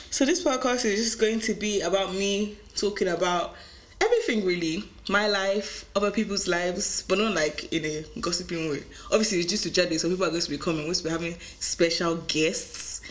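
A young woman hosting her own podcast, chatting casually in a rambling, laughing way. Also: on the low side. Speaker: podcast host.

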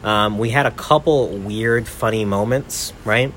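A man's voice: on the low side, measured pace, fairly bright tone, a little hiss or hum. A young man and podcast host telling a travel story in a rambling casual way, full of "like" and "right?".

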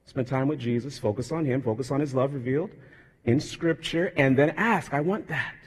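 A male pastor preaching a sermon, moving from conversational talk to fervent, loud emphasis. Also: medium pitch, moderate pace, husky. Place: church sanctuary. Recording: church hall reverb.

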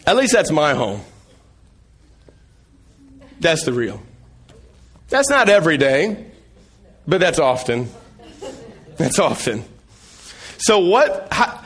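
A high-voiced man preaching a sermon with animated storytelling, acting out everyday family scenes. He often drops his voice low and quiet to drive a point home. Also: slow, long pauses, husky. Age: young adult to middle-aged, father of several sons.

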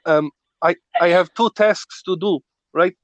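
A man voicing a polite, flustered foreign man who speaks broken English with a put-on Russian accent and halting, apologetic phrasing. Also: high-pitched, a bit bright, no room sound.

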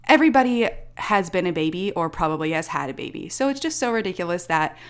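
A young woman telling a personal story in casual chat, animated and laughing often as she talks. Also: lowish voice, fast, clear, resonant tone.

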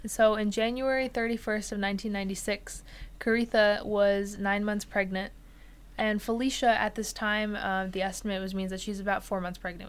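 A young woman walks through a crime story in a relaxed, chatty way, full of "like" and "uh" as she pieces the facts together. Her voice sits at an ordinary middle pitch. She sounds like a podcast co-host talking with a friend. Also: a little hiss or hum. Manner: relaxed, filler-heavy telling with frequent "like" and "uh". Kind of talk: casual true crime storytelling.

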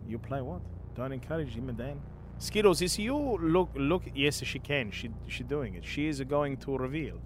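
A man putting on a hammy, excitable Italian-accented character with broken grammar for laughs on a podcast. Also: medium pitch, slight background noise, close to an everyday voice. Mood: teasing. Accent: put-on Italian. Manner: broken grammar, drawn-out teasing.

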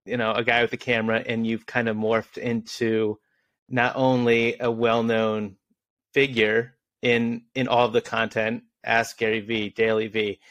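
A man's voice: mid-range voice, level tone, a little slow, fairly bright tone, no room sound, dull audio. A man hosts a casual interview podcast, speaking in a medium voice. He asks chatty, meandering questions and fills the gaps with "you know" and "like.". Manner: friendly, chatty questions with fillers. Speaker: podcast host.

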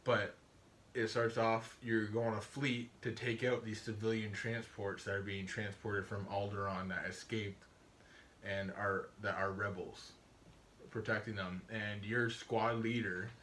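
Young canadian dude co-hosting, low voice, lots of likes and ums, bit of background noise. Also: male voice, unhurried. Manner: excited, rambling, many fillers. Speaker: podcast co-host. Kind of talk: casual chat.

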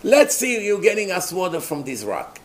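A man's voice: high voice, wildly swooping pitch, moderate pace. A man voicing a crowd of smug university-educated skeptics who taunt and sneer. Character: smug mocking male skeptics, university types.

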